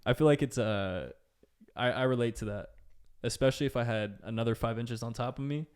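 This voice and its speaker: A male podcast host chatting casually and teasing his guest with slang and jokes. His voice is smooth and clear, sitting at an everyday middle pitch. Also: fairly quick. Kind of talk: casual chat.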